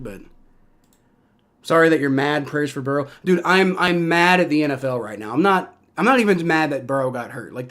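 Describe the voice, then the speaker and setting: A man's voice: a little high, a bit bright. A young man streaming live football reactions and play-by-play, heated and profane, ranting with many restarts.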